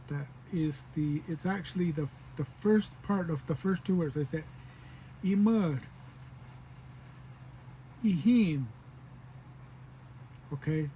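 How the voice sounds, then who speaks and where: Mellow man slowly teaching pronunciation. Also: on the high side, a little hiss or hum, rough recording. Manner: patient, repeats words slowly to show pronunciation. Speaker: language teacher. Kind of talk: casual spoken lesson.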